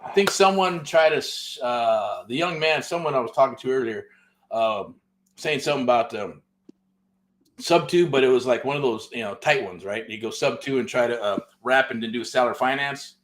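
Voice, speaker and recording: A man's voice: mid-range voice, normal speed, fairly bright tone. Profane, rambling real estate host, a man. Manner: loose and profane, with many fillers like "right?" and "man". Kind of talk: casual storytelling monologue.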